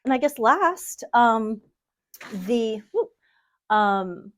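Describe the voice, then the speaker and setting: A woman's voice: a little high, lively intonation, drawn-out words, fairly bright tone. A woman giving a casual tour of her home sewing studio, rambling, self-deprecating and laughing often. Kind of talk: casual chat.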